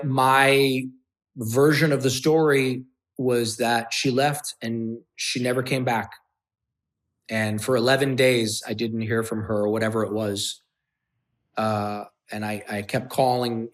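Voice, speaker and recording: A man's voice: mid-range voice, flat delivery, slow pace, fairly bright tone. A man telling a raw personal story as an interview guest, intense and profane, hammering points through repetition.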